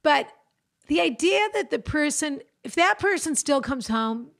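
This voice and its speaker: A woman's voice: sits high, measured pace, vocal fry. A woman hosting a podcast, chatting casually and animatedly with guests. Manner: animated, chatty, laughs often. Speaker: podcast host.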